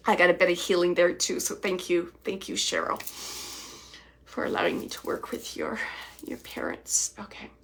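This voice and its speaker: A woman hosting a psychic reading, relaying spirit messages in a soft, halting way with frequent restarts and repeated phrases, sometimes dropping to a near whisper. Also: fairly low pitch, level tone. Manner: drops to near-whispers at times. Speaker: psychic medium host.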